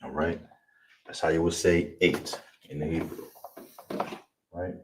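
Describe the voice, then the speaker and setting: Low-voiced male teacher running an online class, far from the mic with steady background noise. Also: a little slow. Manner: repeats words, frequent "all right?". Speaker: language teacher.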